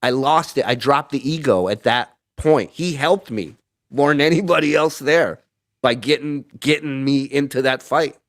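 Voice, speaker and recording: Profane, animated male radio storyteller. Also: mid-range voice, normal speed. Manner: profane, animated storyteller acting out quoted voices. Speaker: guest, radio personality. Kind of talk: casual interview storytelling.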